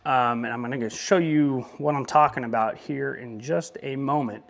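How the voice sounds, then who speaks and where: A man's voice: mid-range voice, normal speed, creaky, dull audio. A young man talking casually in a motorcycle vlog, rambling with joking asides. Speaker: motovlogger.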